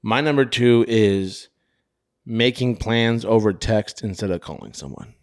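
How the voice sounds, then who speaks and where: A man's voice: on the low side, measured pace, no room sound, clean studio sound. A young married man co-hosting a casual podcast, rambling through stories and acting out what people said. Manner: rambling, acts out quotes with a mocking voice. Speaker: podcast co-host. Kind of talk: casual chat.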